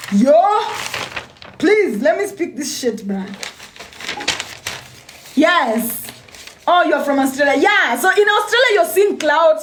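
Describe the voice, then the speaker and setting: A high-pitched young woman motivates her livestream audience, slight noise in the background. She leans on repetition for emphasis and frequently breaks off to restart what she's saying.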